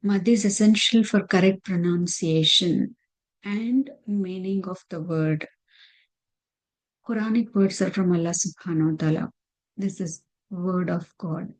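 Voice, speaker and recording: A woman's voice: fairly low pitch, fairly even intonation, measured pace, rough recording. A woman teaching a recitation lesson over slides, patiently repeating terms and counts.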